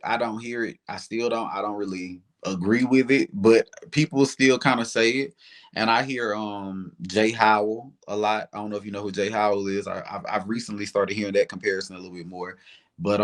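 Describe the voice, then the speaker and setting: A man's voice: fairly low pitch, normal speed. A young man with a Southern accent, chatting animatedly as a singer guest in an interview, with lots of "like" fillers. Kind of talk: casual interview chat.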